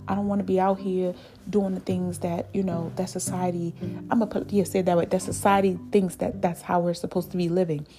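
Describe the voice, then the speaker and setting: A woman's voice: lowish voice, flat delivery, a little fast. A woman hosting a solo podcast, giving her candid opinion in an emphatic way and repeating points for stress. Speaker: podcast host. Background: guitar music.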